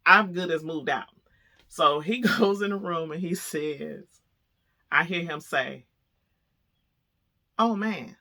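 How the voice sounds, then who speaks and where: A woman vlogger telling a story to camera, chatty and animated, laughing as she goes. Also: low-pitched, unhurried.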